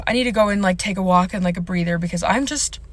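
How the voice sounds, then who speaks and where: A woman's voice: fairly low pitch, fast, no echo. Choked-up woman telling a storytime. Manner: rambling, filler-heavy, emotional. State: choked up, near tears. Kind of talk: casual storytime vlog.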